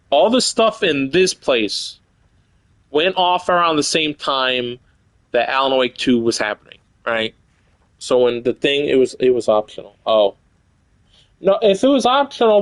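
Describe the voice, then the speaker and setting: A young man streaming a video game, swearing excitably and reading in-game notes aloud. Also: mid-range voice, dry recording. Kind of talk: casual live gameplay commentary.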